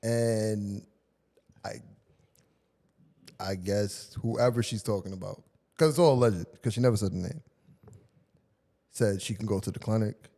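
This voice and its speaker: A man's voice: on the low side, unhurried, pauses often, mellow, in a large hall. A man co-hosting a casual podcast in a playful, teasing manner. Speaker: podcast co-host. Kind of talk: casual chat.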